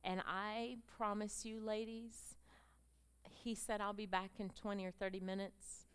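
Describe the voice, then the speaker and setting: A woman's voice: mid-range voice, little pitch movement, a little slow, clear, resonant tone. A middle-aged woman giving a personal testimony to a women's gathering on stage, telling her story with feeling and acting out the dialogue. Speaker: speaker addressing a women's gathering. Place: stage presentation with slides.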